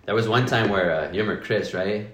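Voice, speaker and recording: A man's voice: fairly low pitch, fast, a bit bright. A man telling stories in a casual podcast chat, full of slang, swearing and "like" fillers. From Mexican roots. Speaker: podcast guest. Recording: echoey room.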